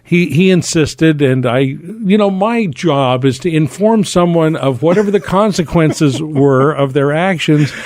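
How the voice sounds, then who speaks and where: A man's voice: fairly high pitch, animated, measured pace, few pauses, a little mellow, no echo. A man who works as a radio programmer, telling anecdotes as an interview guest and acting out other people's voices. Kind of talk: storytelling interview.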